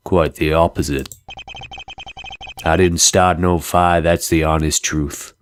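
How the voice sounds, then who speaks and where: A man voicing a gruff, streetwise male fennec fox with a deep voice and a slight Southern twang, curt and dismissive. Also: steady tone, slow, a little hiss or hum. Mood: surly. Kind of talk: let's play voice acting.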